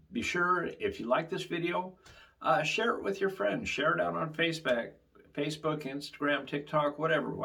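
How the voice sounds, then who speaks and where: A man's voice: medium pitch, vocal fry, fairly bright tone. A man hosting his channel, telling a casual story in a rambling way with frequent fillers. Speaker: channel host.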